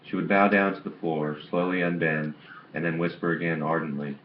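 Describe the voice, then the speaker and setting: A man's voice: low-pitched, flat delivery, a little fast. A man reading a novel aloud in an amateur way, stumbling and restarting on some words, on a dull lo-fi recording with faint hiss. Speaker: audiobook reader.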